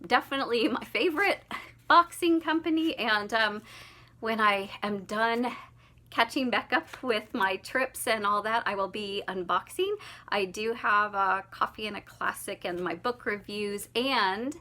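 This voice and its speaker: A woman's voice: medium pitch, a little slow, pushed and bright. A young woman chatting through an unboxing vlog, gushing and laughing often. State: slightly out of breath after walking dog. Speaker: vlogger.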